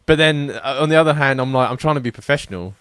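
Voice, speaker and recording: A man's voice: medium pitch, fast talker, fairly bright tone, clear, resonant tone, no echo, studio quality. A man co-hosting a podcast, chatting through anecdotes with many fillers and restarts. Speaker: podcast co-host. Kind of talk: casual chat.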